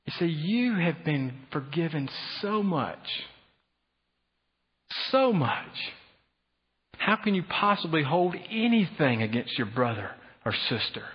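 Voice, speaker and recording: A husky-voiced male pastor preaches a sermon in a big church hall, his words trailing into long reverb. Animated, he slips into other people's voices to make his point, speaking a little high and slowly. The sound is slightly dull.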